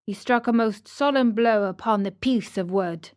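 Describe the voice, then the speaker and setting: A woman narrating a children's audiobook in a slow, gentle storytelling manner. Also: medium pitch.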